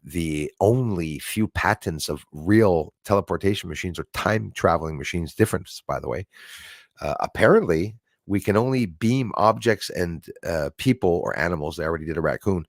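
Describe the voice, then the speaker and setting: A man's voice: low voice, normal speed, dry recording. Chuckling male livestream host, dry sound. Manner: reads viewer comments aloud, chuckles often, rambles. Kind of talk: casual livestream chat.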